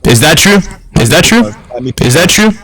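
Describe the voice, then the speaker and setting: A man's voice: high voice, sing-song, normal speed, a bit bright, poor audio. A young man trash-talking a rival in a voice chat debate, taunting him and repeating the same question over and over. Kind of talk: trash-talk roast on a voice chat.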